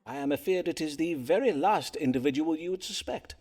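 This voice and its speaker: Casting: courtly Elizabethan star-reading physician, raised voice, very lively inflection, ornate old-fashioned speech. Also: male voice, fairly high pitch, fairly quick. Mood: courteous. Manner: florid archaic courtly speech. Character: learned Elizabethan astrologer-doctor, courteous and wordy. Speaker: astrologer. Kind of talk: period game voice acting.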